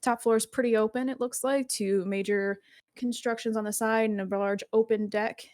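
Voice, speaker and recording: A woman's voice: a little high, fairly even intonation, normal speed, darkish tone, no room sound. Woman gm narrating, lots of likes and ums, dead dry sound. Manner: loose, rambling narration with many fillers. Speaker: game master. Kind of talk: narrating a tabletop game.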